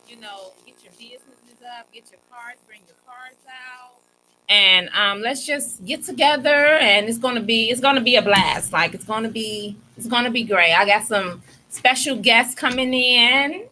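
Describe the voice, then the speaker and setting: A woman's voice: a little high, bright, forceful tone, slight background noise, low-quality recording. A woman from Chicago in her thirties, co-hosting a radio show and promoting an event in an upbeat, inviting way. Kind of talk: casual radio chat. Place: radio studio.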